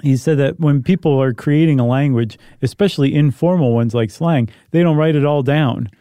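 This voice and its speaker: A man co-hosting a podcast, explaining in a jokey, animated way and firing off rhetorical questions. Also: on the high side, moderate pace, no echo, studio quality. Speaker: podcast co-host. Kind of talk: casual chat.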